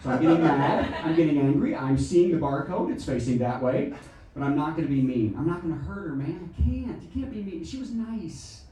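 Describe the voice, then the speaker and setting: A middle-aged American man doing stand-up comedy on a small theatre stage, talking in an animated, exaggerated way and acting out characters. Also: moderate pace. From United States. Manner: animated, exaggerated, acts out shrill voices. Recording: echoey room mic'd from a distance. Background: audience laughter.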